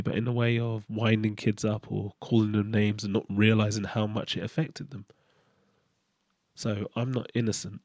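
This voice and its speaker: Candid man, low mellow voice. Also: creaky, dry recording, studio quality. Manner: candid, halting, searching for words. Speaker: channel host. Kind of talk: reflective personal monologue.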